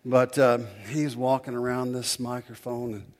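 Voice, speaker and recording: Male preacher, mid-range voice, emphatic sermon delivery with drawn-out pauses. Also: medium pitch, level tone, a little mellow.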